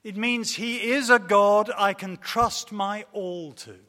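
A man's voice: high voice, fairly even intonation, slow pace, sharp tone. A man preaching a sermon, earnest and storytelling, with hesitant fillers in a reverberant church hall. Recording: long reverb of a large hall.

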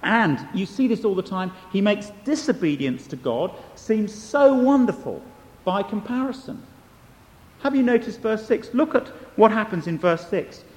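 A man's voice: sits high, sing-song, unhurried, a little mellow, roomy sound, in a large hall. A man preaching a sermon, earnest and emphatic, pressing questions on his listeners.

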